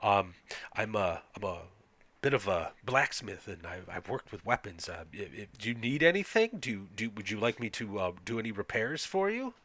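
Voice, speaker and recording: A man's voice: on the low side, big pitch swings, normal speed, a bit bright. A man voicing an eager, nervous young male blacksmith who stammers while trying to please guests. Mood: eager welcoming.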